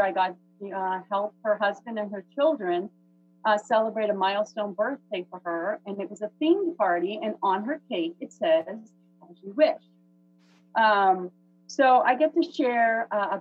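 A woman's voice: medium pitch, no room sound. A woman chatting casually as she introduces the evening's speaker on a video call. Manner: chatty, with many fillers. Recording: phone-like dry husky audio.

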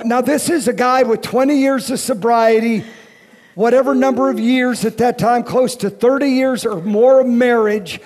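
A man in his fifties, a recovery speaker telling a personal story in an animated way and acting out the quoted lines. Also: extremely high pitch, long reverb tail. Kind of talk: storytelling talk.

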